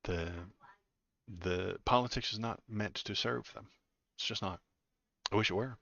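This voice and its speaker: A man giving live political commentary on his stream, sardonic and halting, with many fillers and repeated words. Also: fairly low pitch, vocal fry, fairly bright tone, dry recording, highs cut off.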